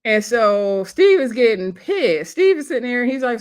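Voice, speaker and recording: A woman's voice: a little high, sing-song, normal speed, clean tone. Chatty woman recapping a TV episode. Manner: chatty, laughing storyteller who acts out quotes. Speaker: TV show reviewer.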